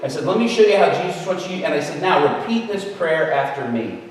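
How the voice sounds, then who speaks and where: A man telling a story in a sermon, in a conversational, animated way. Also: fairly high pitch, brisk. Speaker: guest preacher. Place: large echoey hall. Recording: echoey hall, distant mic, faint noise.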